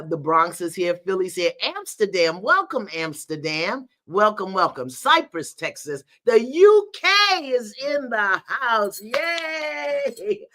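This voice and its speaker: A middle-aged woman hosting a live online spiritual gathering, playfully greeting viewers by location in a casual, animated way. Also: deep voice. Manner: lively, playful, call-outs with "in the house".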